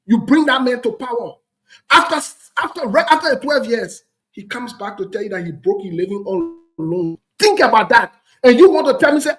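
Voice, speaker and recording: A man's voice: very high voice, fairly bright tone, low-quality recording. Emphatic Liberian man lecturing on politics. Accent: Liberian English. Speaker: political talk show host. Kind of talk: heated political commentary.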